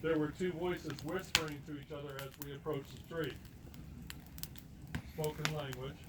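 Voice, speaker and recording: A man telling a long personal story in a talk, animated and acting out the voices of the people he quotes. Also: a little high, very noisy. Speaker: guest speaker.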